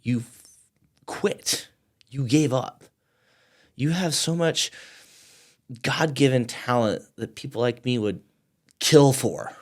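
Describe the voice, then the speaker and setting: A man's voice: deep voice, steady tone, brisk, lightly acted. A man voicing his blunt male friend, a gym manager, scolding him with curses. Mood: furious. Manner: yelling, cursing, scolding.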